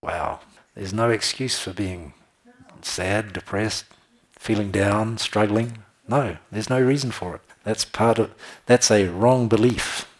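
A man's voice: on the low side, slow pace. A man preaching a sermon, reading scripture aloud and commenting with frequent laughter.

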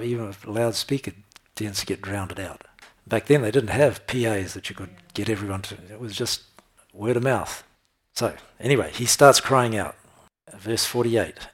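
A man's voice: on the low side, normal speed, slightly rough. A man preaching a sermon, often checking in with his listeners with "right?" and "okay?".

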